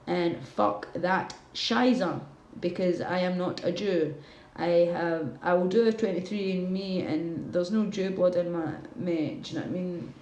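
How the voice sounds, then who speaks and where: A woman's voice: fairly low pitch, unhurried, darkish tone, echoey room, a little hiss or hum, low-quality recording. A Glaswegian woman from Scotland chatting casually on a livestream, rambling and answering her viewers' comments as she goes.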